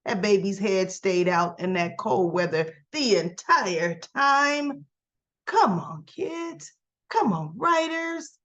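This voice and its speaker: A woman casually recapping a soap opera episode for her vlog, excitable and gushing, and she acts out the characters' lines. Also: mid-range voice, slow pace.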